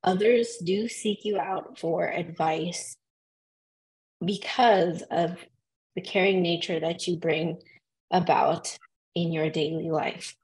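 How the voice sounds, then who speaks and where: Woman, cast member, reads affirmations slowly, emotional and halting. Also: fairly low pitch, fairly even intonation, darkish tone, rough recording. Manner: emotional, halting, with pauses and fillers. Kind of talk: reading self-affirmations.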